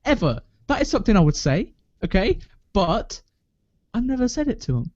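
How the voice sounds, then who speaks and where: A man's voice: sits high, big pitch swings, moderate pace, a little mellow, dry recording. A young man, co-hosting a podcast in casual chat, crude and boastful, often laughing. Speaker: podcast co-host. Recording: dull lo-fi sound, dry.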